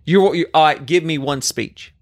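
A man's voice: a little high, normal speed, dry recording, clean studio sound. A man co-hosting a casual podcast, joking around and reciting movie lines with gusto. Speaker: podcast co-host. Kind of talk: casual chat.

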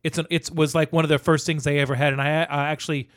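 A middle-aged man chatting on a podcast in a loose, rambling way, circling back and restarting his sentences. His voice sits a little high for a man, and the recording is dry and close with no room sound. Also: flat delivery, fast talker, a bit bright, dry recording. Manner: rambling, with many restarts and fillers. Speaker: podcast co-host. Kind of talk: casual podcast chat.

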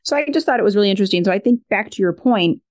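A woman's voice: medium pitch, animated, rapid-fire, darkish tone. A middle-aged woman speaking as a parenting expert guest in a podcast interview, candid and reflective, often saying "like". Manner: reflective, candid, many filler "like"s.

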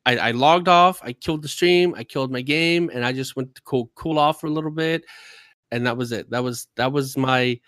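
Bright-voiced man ranting about gaming. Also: medium pitch, fairly quick, no room sound. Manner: talkative, worked-up storytelling. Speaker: streamer and gamer. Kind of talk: casual podcast chat.

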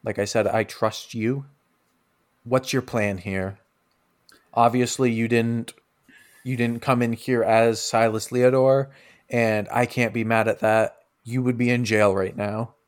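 A man's voice: medium pitch, steady tone, unhurried, natural voice. A man voicing a stern, guarded young princess.

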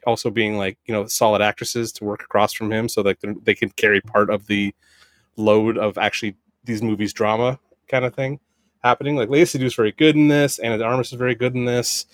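A man co-hosting a podcast, chatting about movies in a rambling, profane, excitable way with lots of fillers. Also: medium pitch, fairly quick, no room sound, clean studio sound. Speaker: podcast co-host. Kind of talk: casual movie review chat.

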